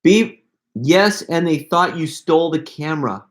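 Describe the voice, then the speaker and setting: A middle-aged man hosting a casual live Q&A, telling stories in an excitable, rambling way full of quick asides. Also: on the high side. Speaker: prank video creator hosting a live Q&A. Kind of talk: casual livestream chat.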